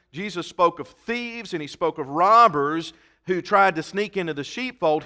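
Male pastor preaching a sermon: high, bright voice, emphatic delivery, reads scripture aloud between his own points. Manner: occasional restarts and fillers.

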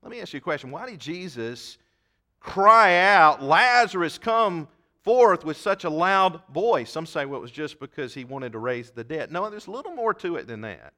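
A man preaching a sermon, reading scripture aloud and swinging between loud emphatic shouts and quiet asides. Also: a little high, big pitch swings, a little fast, hardly any pauses. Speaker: pastor.

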